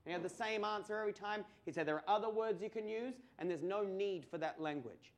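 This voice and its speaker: An Australian man telling a crude, animated stand-up comedy story with swearing and mock outbursts. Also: high-pitched, fast talker.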